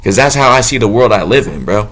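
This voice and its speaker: A man talking off the cuff about faith and self-trust, blunt and profane, swinging between low musing and loud preaching. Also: expressive, fast talker. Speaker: motivational talker. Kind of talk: unscripted spiritual monologue.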